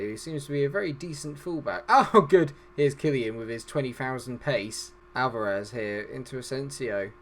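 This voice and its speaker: A man commentating on a football management game at his desk, excitable and joking at his own expense. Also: medium pitch, slight background noise. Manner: excitable, joking, self-deprecating. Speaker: gaming YouTuber. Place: at home desk.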